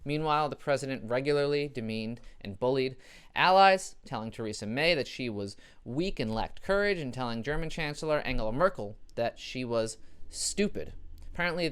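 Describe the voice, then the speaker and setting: A man's voice: medium pitch, animated, moderate pace, smooth. A young adult man hosting a comedy show, delivering a satirical news monologue with dry, sarcastic jokes.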